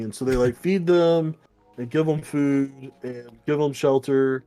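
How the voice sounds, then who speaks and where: A man co-hosting a podcast, loosely recapping a comic book story with swearing and quick put-on voices. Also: medium pitch, fairly even intonation, mellow. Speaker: podcast co-host. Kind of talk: casual comic book chat.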